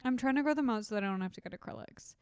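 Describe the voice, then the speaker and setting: A woman co-hosting a casual podcast, her voice smooth and clear. The sound is dry and close, with no room around it. She talks in a chatty, teasing way and often trails off mid-sentence. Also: a little high, racing, a little mellow, dry recording. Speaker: podcast co-host. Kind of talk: casual chat.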